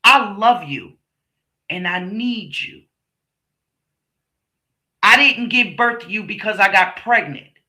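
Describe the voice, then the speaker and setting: A woman's voice: mid-range voice, lively intonation, slow, pauses often, pushed and bright. A middle-aged woman hosting a stream, telling a personal story to her viewers in a blunt, profane, emphatic way. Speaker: streamer host. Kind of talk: casual monologue to viewers.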